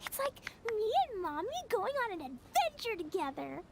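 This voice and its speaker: An actress voicing bubbly, childlike characters in game cutscene dialogue, with a very high voice. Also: female voice, big pitch swings, moderate pace, creaky, noisy background, exaggerated voice. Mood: excited. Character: bubbly small girl and floating companion, excitable.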